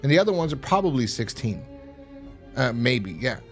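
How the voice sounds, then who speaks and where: A man's voice: sing-song, moderate pace, faint music behind. A young man hosting a casual podcast review, rambling and swearing, acting out scenes. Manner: rambling, profane, acts out scenes in high voices. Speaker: podcast host.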